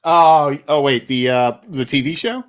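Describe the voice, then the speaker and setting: A man hosting a casual podcast chat, animated, often stammering and repeating words when excited. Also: a little high, measured pace. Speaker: podcast host.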